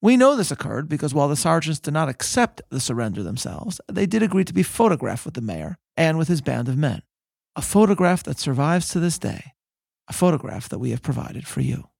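A man narrating a scripted history podcast in a measured storytelling manner. His voice is somewhat high for a man and has a gravelly, husky grain. The recording is close and dry. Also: very animated, darkish tone, dry recording. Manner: measured, storytelling, reads quotes aloud. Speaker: podcast host.

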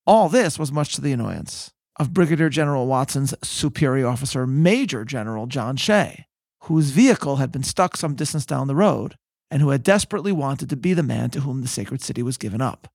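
A man hosting a podcast, giving a measured, scripted historical narration and reading quotations aloud. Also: medium pitch, expressive, gravelly, a little mellow, slightly rough, dry recording, clean studio sound. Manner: measured, storytelling, reads quotes aloud. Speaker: podcast host.

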